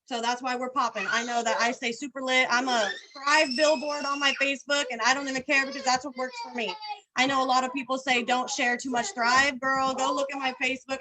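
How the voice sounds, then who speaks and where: A woman on a video call talking fast and excitedly, full of slang and energy. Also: high voice, rough recording. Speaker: team leader guest. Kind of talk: casual video call chat.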